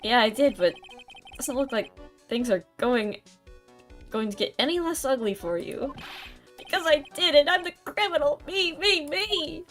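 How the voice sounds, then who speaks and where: A woman's voice: a little high, lively intonation, a little slow, long pauses, faint music behind. A woman voicing a timid, whiny young man, reading game dialogue aloud in an anxious, pleading way. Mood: eager.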